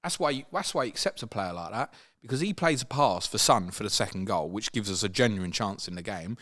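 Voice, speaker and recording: A man hosting a casual football chat, animated and swinging up high when he mimics players. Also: fairly quick. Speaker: football podcast host.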